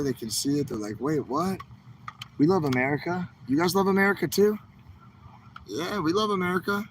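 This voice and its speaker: Upbeat man livestreaming outdoors, slightly high. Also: a bit bright, a little hiss or hum, rough recording. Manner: upbeat, rambling, addresses viewers directly. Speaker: livestream host. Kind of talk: casual walk-and-talk livestream. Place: outdoor protest camp by a street.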